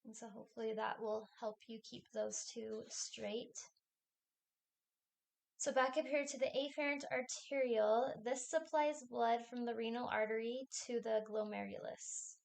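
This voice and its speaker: Woman with a gravelly, higher voice. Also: measured pace. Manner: plain, explanatory, steady. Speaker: instructor. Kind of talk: recorded lecture.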